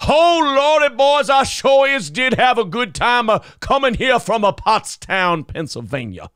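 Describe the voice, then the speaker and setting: A man putting on an exaggerated, fawning southern drawl, speaking slowly in broken grammar. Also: very high voice, very animated, fairly bright tone, smooth, dry recording, studio quality, voice pushed up, full character voice. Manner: slow, overdone drawl with ungrammatical speech.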